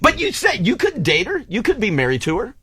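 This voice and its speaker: A man hosting a morning radio show in a studio, bantering and teasing his co-hosts and callers quickly. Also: high-pitched, wildly swooping pitch, fairly bright tone, slight background noise.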